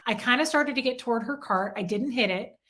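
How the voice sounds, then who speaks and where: A young woman with a bright, fairly high voice, chatting on a live stream. She talks to her viewers in an animated, self-deprecating way. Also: a little fast. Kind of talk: casual live-stream chat.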